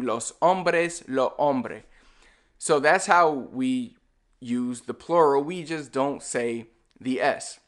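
A man with a Puerto Rican accent, explaining language points in a relaxed, casual lesson and slowly repeating example words. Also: medium pitch. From Puerto Rico. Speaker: Spanish language teacher.

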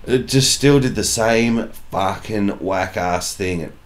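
A man's voice: on the low side, slow pace. An Australian man hosting a podcast, telling a story in casual chat, full of swearing and acted-out dialogue. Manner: profane, animated storyteller acting out quoted dialogue. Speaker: podcast host.

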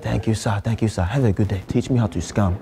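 A man's voice: on the low side, quick pace, mellow, lightly acted. Young man putting on a pushy Nigerian-accented student. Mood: pleading. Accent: Nigerian (put on). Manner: insistent, exclamatory "oh" and "ah, ah" tags. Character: pushy male Nigerian student wanting to learn scamming. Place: college lecture hall.

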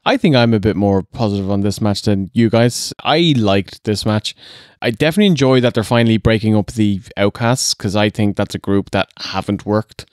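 A man's voice: on the low side, moderate pace, darkish tone, no echo, clean studio sound. A young Irish man co-hosting a wrestling podcast, giving firm opinions and laughing easily. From Ireland. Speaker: podcast co-host. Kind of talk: casual wrestling review.

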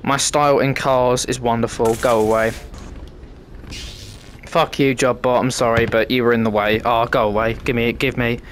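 A man's voice: medium pitch, level tone, moderate pace, a little hiss or hum. A British man giving cheeky, sweary commentary while playing a VR game. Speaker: gamer content creator. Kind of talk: casual gameplay commentary.

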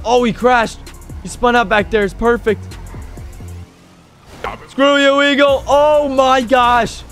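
Excitable high-voiced young male gamer. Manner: excitable, bursts into yelps on jumps and crashes; cheeky taunts at pursuing cops. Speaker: gaming YouTuber and server owner. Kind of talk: live gameplay commentary.

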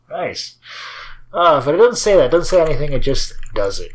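Man, unhurried casual commentary, rambling, soft laughs, keyboard typing behind. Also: mid-range voice, big pitch swings. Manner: rambling, chatty, with frequent fillers and small laughs. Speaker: host of a game and source-code video series. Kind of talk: casual commentary while playing and reading code.

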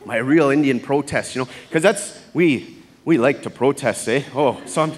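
A man performing a stand-up comedy set on a theatre stage, telling animated stories that build to shouted chants. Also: mid-range voice, moderate pace, big-room sound. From Canada. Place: theatre stage before a live audience. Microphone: stage microphone. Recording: live theatre taping with audience laughter.

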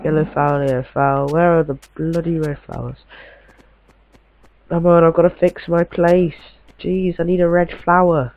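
A man's voice: fairly high pitch, flat delivery, normal speed, vocal fry, darkish tone, a little hiss or hum, poor audio. A man giving casual, chatty gameplay commentary, muttering to himself and swearing mildly as he plays.

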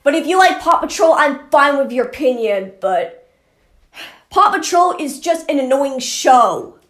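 A woman's voice: sits high, lively intonation, measured pace, a bit bright. A woman hosting her channel, giving an exasperated ranting commentary and repeating herself a lot. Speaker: channel host. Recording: roomy echo.

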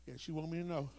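A male pastor preaching a sermon, dropping to low storytelling and rising to shouted, whooping calls. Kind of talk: Black Baptist preaching.

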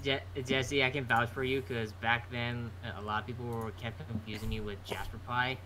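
Hesitant, stammering man in casual chat, bright edge, faint hiss behind. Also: mid-range voice, flat delivery, moderate pace. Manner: hesitant, stammering with repeated fillers. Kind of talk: casual group chat on a stream.

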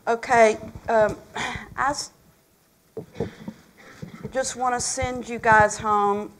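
Female superintendent, halting informal delivery, very slow pace. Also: a little high, steady tone, a bit bright, slight background noise. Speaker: school superintendent. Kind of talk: closing remarks to an audience.

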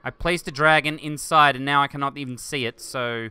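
A man hosting a game video, thinking aloud and getting excited as he chats to objects on screen. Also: on the high side, a little fast, few pauses, clean tone. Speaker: gaming video host. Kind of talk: let's play commentary.

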